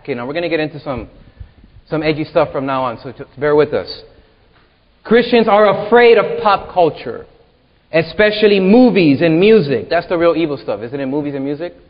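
A man co-hosting a church discussion show, giving an emphatic teaching talk with punchy, animated delivery and rhetorical asides. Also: a little high. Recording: roomy long reverb, dull lo-fi sound.

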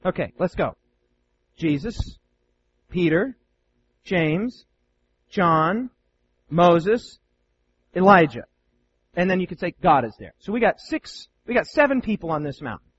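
A man preaching a sermon in an animated, playful way, often asking his listeners questions. His voice sits high for a man and swings widely in pitch. The recording sounds slightly dull, with faint noise behind it. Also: measured pace, long pauses. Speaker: preacher teaching Bible students.

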